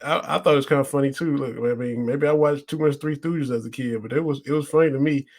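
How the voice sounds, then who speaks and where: A man's voice: mid-range voice, fast talker, a little mellow. A man hosting a casual podcast chat, easygoing in manner, introducing his guest with enthusiasm. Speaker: podcast host.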